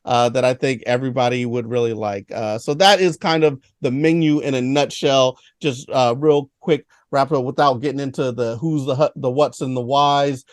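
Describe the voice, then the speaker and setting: A man co-hosting a casual film review, speaking haltingly with many fillers. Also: mid-range voice, dry recording, clean studio sound. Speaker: podcast co-host.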